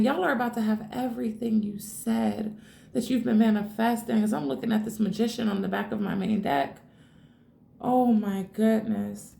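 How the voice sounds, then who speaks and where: Female tarot reader, casual and excitable, some vocal fry, echoey room. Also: a little high, moderate pace. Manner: excitable, swears freely, addresses viewers as y'all. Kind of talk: casual tarot reading to camera.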